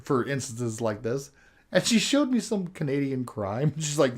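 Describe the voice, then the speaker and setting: A man's voice: mid-range voice, sing-song, unhurried, darkish tone. An older man and show host telling a story in casual chat, laughing often as he goes. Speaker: podcast host.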